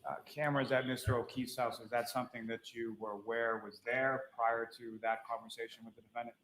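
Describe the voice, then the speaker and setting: A man's voice: mid-range voice, level tone, a little fast, fairly bright tone. A man questioning a witness in a courtroom, formal and polite, calling him sir, with some "uh" fillers. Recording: echoey courtroom with faint noise.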